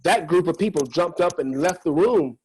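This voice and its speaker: A man's voice: a little high, moderate pace, darkish tone, breathy edge, poor audio. A man hosting an interview who reacts eagerly and talks with many restarts and repeated words. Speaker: interview host. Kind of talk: casual interview talk.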